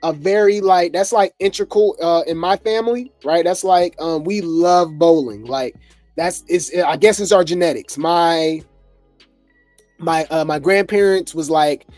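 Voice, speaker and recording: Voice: medium pitch, a little slow, darkish tone, no echo, faint music behind. A host rambling casually through reality TV gossip commentary, chuckling often and full of fillers.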